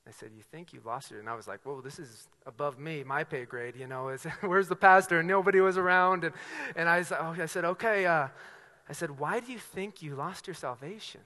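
A man preaching a sermon, telling stories with acted-out dialogue and swinging from loud to hushed. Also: on the high side, brisk, in a large hall. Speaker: pastor.

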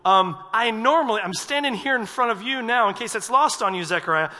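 A man's voice: high-pitched, expressive, fairly quick, pushed and bright, voice pushed up, heavily acted. A man voicing a sarcastic, blunt male angel who is unimpressed with being doubted. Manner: sarcastic, exasperated. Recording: reverberant hall.

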